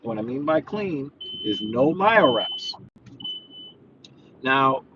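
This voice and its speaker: A man's voice: medium pitch, sing-song, slow pace, lo-fi sound, background noise. A man who works as a personal trainer, chatting casually while he drives, earnest and rambling with lots of fillers. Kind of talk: casual driving vlog, talking while he drives. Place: inside a car.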